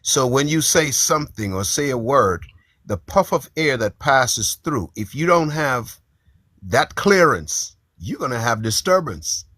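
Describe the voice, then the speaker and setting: A man's voice: mid-range voice, big pitch swings, a little slow, pushed and bright, dry recording. A man in a live stream debate, lecturing and emphatic, brushing off questions. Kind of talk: casual debate.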